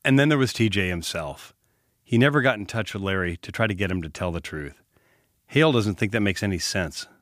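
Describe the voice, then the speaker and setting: A man hosting and narrating a true-crime report, telling the story in a measured, matter-of-fact way and putting questions to an interviewee. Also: fairly low pitch, animated, a bit bright, no room sound, studio quality. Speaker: podcast host and reporter.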